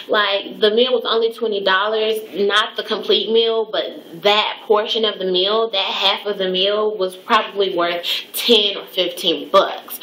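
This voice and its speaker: A woman's voice: medium pitch, bright, forceful tone. Young woman ranting with heavy profanity. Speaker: cosmetology student vlogger. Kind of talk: casual storytime rant. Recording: echoey room.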